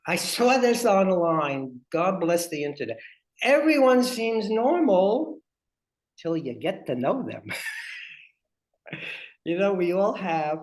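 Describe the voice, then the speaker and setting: A man who works as a family advocate, presenting a webinar and telling stories in a lively way while speaking straight to his audience. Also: fairly high pitch.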